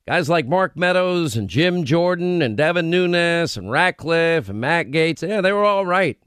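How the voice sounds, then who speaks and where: A man's voice: fairly high pitch, expressive, fairly bright tone, clear, resonant tone, dry recording, studio quality. Combative radio talk host, man. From United States. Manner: combative, rapid run-on delivery. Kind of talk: opinionated political talk radio.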